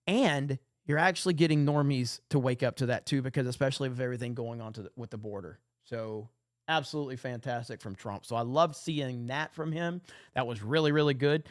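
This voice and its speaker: A man's voice: fairly high pitch, no echo, studio quality. A man hosting a casual livestream, reading chat comments aloud and reacting with emphatic, profane, repetitive commentary. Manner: profane, emphatic, repeats himself. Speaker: podcast host.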